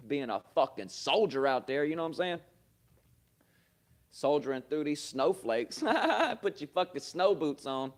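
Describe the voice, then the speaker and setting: A man hosting a podcast, telling stories in a loose, profane, animated way with frequent laughter. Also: on the high side, a little slow. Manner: loose, swearing, laughs often, animated bursts. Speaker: podcast host. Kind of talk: casual profane storytelling. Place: comedy club.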